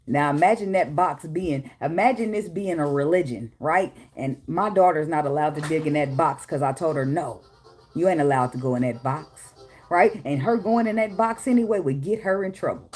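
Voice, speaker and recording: At a moderate pace with few pauses, a woman whose voice sits low and sounds a little mellow gives a casual home tarot reading near her daughter. She talks bluntly, swears a lot, laughs, and occasionally sings.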